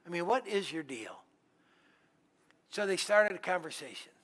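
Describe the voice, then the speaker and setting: A middle-aged male guest pastor preaches in a church. He tells stories in a humorous, chatty way. His voice sits high for a man and rings bright and forceful. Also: very animated, normal speed. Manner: humorous, anecdotal, conversational. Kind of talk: storytelling sermon.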